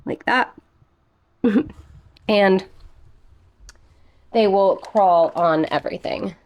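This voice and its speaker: A young woman with a mid-range voice chats casually and very slowly in a plant care vlog, with no room sound. A little out of breath, she giggles now and then and talks softly to her plants.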